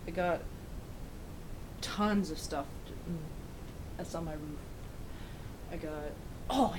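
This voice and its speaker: A woman rambles through a casual tour of her bedroom for a home vlog, giggling and swearing offhand. She talks at an unhurried pace. A loud rumble runs under the home camera recording. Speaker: vlogger.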